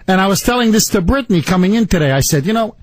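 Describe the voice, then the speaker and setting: A man hosting a talk radio show, telling a story with mock outrage and lots of animated emphasis. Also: high-pitched, rapid-fire, low-quality recording.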